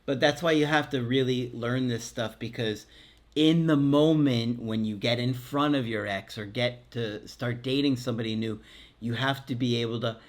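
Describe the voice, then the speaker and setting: A man's voice: medium pitch, moderate pace. A middle-aged man, a relationship coach and podcast host, reads a listener's letter aloud in casual chat, joking and laughing often at his own asides.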